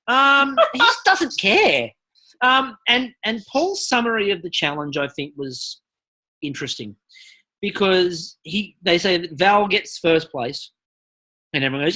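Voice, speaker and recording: A woman co-hosting a casual podcast, recapping a TV episode with animated storytelling. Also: mid-range voice, unhurried. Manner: animated storytelling with mimicked quotes. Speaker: podcast co-host.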